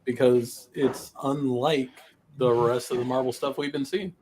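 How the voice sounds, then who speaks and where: A man's voice: mid-range voice, steady tone, measured pace, a little mellow, slight background noise, low-quality recording. Reserved, noncommittal man. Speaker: panelist. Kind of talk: casual group chat.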